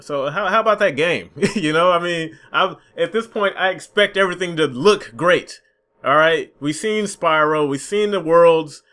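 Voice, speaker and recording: A young man rants about a game release in a bright, tense voice that sits a little high. He sounds frustrated and swears freely, slipping into mocking sarcasm. It's a casual commentary vlog. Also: moderate pace. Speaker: gaming YouTuber.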